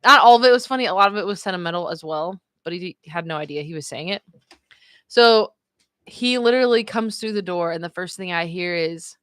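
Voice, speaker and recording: A woman's voice: fairly low pitch, fairly quick, a bit bright, clean tone, no room sound. A woman hosting a casual live stream, telling a story in a chatty way, filling her talk with "like" and "you know" and laughing often. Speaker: livestream host.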